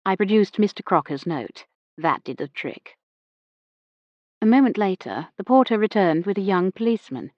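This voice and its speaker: A woman narrating a mystery novel in the first person, in a measured, reflective way. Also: medium pitch, animated, dry recording, highs cut off. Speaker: audiobook narrator.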